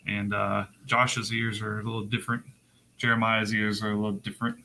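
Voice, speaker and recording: A bass player, a man, explaining things unhurriedly with many fillers in casual podcast chat. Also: little pitch movement, a little fast, pushed and bright, a little hiss or hum, rough recording.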